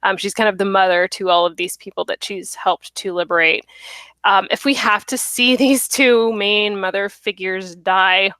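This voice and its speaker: A woman's voice: mid-range voice, fairly even intonation, moderate pace, sharp tone, smooth, no room sound. A woman hosting a live online chat show, talking casually with lots of fillers and giggles. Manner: chatty, giggly, many fillers. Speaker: host.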